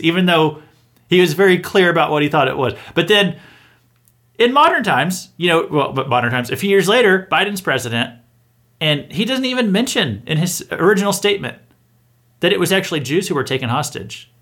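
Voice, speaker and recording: A man's voice: sits high, big pitch swings, fairly quick, a bit bright. A man hosting a satirical news round-up, giving opinionated commentary in a sarcastic, mocking tone and chuckling between points. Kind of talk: opinionated political commentary monologue.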